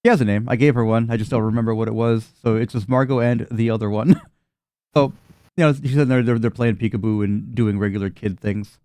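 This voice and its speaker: A man's voice: medium pitch, steady tone, a little fast, mellow, clean tone, no echo, clean studio sound. A man running a tabletop game as game master, narrating in a loose, chatty way and laughing often.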